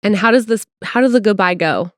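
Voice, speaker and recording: A woman's voice: mid-range voice, fairly quick, no room sound, studio quality. A woman co-hosting a casual podcast, a parent who laughs often and acts out peppy phone talk. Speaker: podcast co-host. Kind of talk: casual chat.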